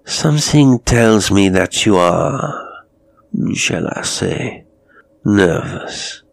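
Male reader doing a courteous, sinister murderer in an audio story, faint foreign accent, deep gravelly voice. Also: animated, drawn-out words, heavily acted. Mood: courteous menace. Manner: polite, formal and quietly mocking. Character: suave, menacing male murderer posing as a waxwork.

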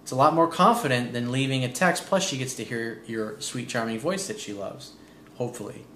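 Blunt, profane dating coach in an echoey room. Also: male voice, medium pitch, fairly quick, pushed and bright, slight background noise. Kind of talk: advice show, reading a listener's letter. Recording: roomy echo.

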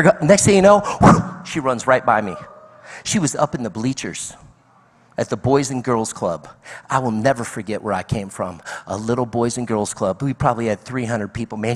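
A middle-aged guest speaker preaches a sermon in a large church hall, telling a story animatedly and acting out the people in it. His voice is mid-range at a normal speed, with a long hall reverb.

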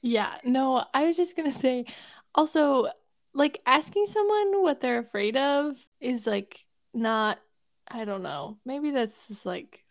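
A woman co-hosting a podcast chats casually, agreeing readily, laughing often and drifting into rambling little stories. Her voice sits a bit high and sounds dry and close to the mic. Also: lively intonation, measured pace, no echo. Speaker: podcast co-host. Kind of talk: casual chat.

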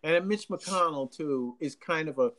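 A man with a Jamaican accent, from Jamaica, hosting a live radio talk show; animated, laughing often and stammering through restarts. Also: a little high, unhurried.

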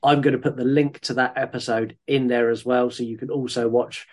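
A man's voice: mid-range voice, flat delivery, fairly quick, a little mellow. A man co-hosting a podcast in casual chat, teasing his partner and plugging the show. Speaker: podcast co-host.

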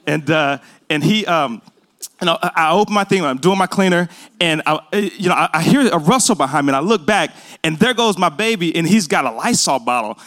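A man's voice: a little high, expressive, fairly quick, a bit bright. A young adult man preaching a sermon, earnest and building to emphatic delivery.

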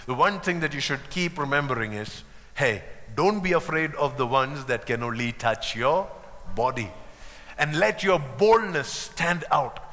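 A man preaching a sermon, emphatic and lively, acting out the people he quotes with humor. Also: a little high, measured pace, in a large hall.

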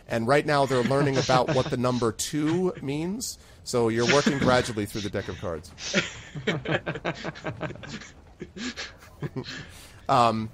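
A man's voice: medium pitch, a little hiss or hum. A man running an online tabletop game as game master. He narrates loosely and uses lots of fillers. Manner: relaxed and hesitant, with many fillers.

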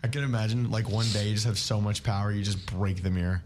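A young man with a slightly low voice, joking and teasing on a college radio show. Audible noise sits under the recording throughout. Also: fairly even intonation. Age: young adult. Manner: playful, teasing, quick to laugh. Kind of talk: casual chat.

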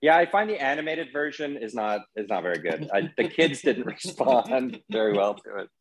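A man's voice: medium pitch, big pitch swings, normal speed, crowd noise, rough recording. Male podcast guest, casual storyteller, chatty and rambling. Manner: rambling, anecdotal storyteller with many fillers. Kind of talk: casual conversation.

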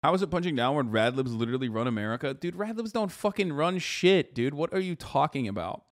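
A man's voice: a little high, lively intonation, quick pace. A young man hosting a live stream, ranting in profane, sarcastic commentary straight to his chat. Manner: profane, sarcastic, heated rant. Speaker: streamer host.

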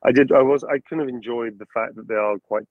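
A man's voice: medium pitch, brisk, dry recording. A man, a voice actor, chatting casually in an interview and dipping into character voices to make his points. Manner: animated, slips into character voices for examples. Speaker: voice actor guest. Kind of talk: casual video call interview. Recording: dull lo-fi dry sound.

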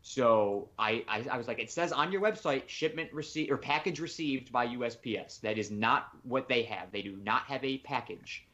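A man co-hosting a casual podcast, rambling through a long story and acting out the phone calls he made. His voice sits at an ordinary middle pitch. The recording sounds somewhat dull and lo-fi. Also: moderate pace, hardly any pauses, bright, forceful tone. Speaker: podcast co-host. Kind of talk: casual chat.

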